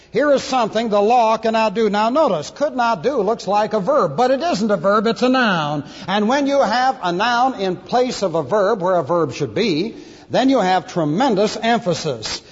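Husky and high, this male voice belongs to a pastor delivering an expository sermon grounded in Greek word study. He's emphatic, spelling out Greek words letter by letter and slipping in dry jokes, all captured in lo-fi sound within a reverberant hall.

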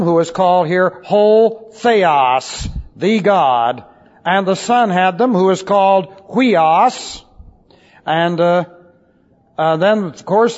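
A man preaching an expository Bible lesson in a fairly high voice, emphatic and wry, dropping scornful asides. The recording is old and muffled, and a long reverb trails off his words in a large hall. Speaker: pastor.

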